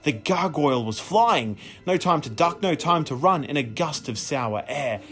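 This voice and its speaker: A man reading a children's horror story aloud as an audiobook, in a dramatic, expressive manner. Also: fairly high pitch, moderate pace. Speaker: audiobook reader.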